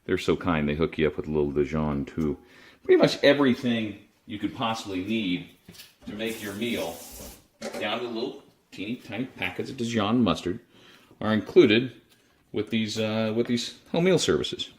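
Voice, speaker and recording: A man's voice: on the low side, expressive, moderate pace. A man casually chatting his way through a home cooking demo in his kitchen, rambling and self-deprecating. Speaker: cooking video host.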